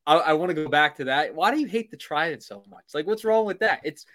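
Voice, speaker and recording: A man's voice: a little high, expressive, fairly bright tone. Young man, casual podcast co-host, playful, stop-start delivery. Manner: playful, halting, many restarts. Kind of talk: casual sports podcast chat.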